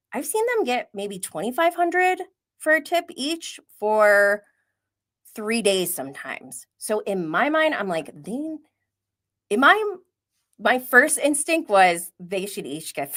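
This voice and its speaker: A woman's voice: medium pitch, fairly bright tone. A woman hosting a live-stream reality TV recap, chatty and opinionated, often laughing and acting out quoted asides. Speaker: reality TV commentary host.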